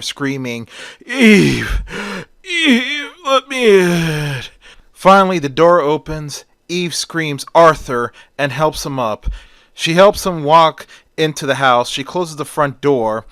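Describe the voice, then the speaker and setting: Casual male storyteller, smooth tone, dry close sound. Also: a little high, fairly bright tone, dry recording. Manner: strings events with "and then".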